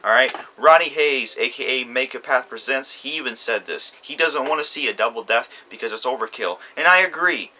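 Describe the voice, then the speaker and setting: A man's voice: medium pitch, expressive, a little fast, hardly any pauses, pushed and bright, slight background noise. Heated profane man ranting. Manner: heated, profane, repeats himself. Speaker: YouTube commentator. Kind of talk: ranting TV reaction.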